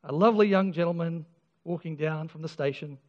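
Earnest preacher with a high voice. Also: male voice, brisk. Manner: earnest, emphatic, with repeated restarts and self-deprecating humour. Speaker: pastor. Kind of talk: sermon. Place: church. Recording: dull lo-fi sound with long church reverb.

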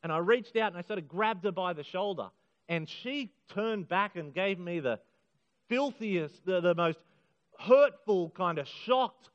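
A man's voice: high-pitched, expressive. Earnest man preaching in a reverberant hall. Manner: earnest, emphatic, slows for key phrases. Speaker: pastor. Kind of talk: sermon. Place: church hall. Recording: muffled sound in a hall with long reverb.

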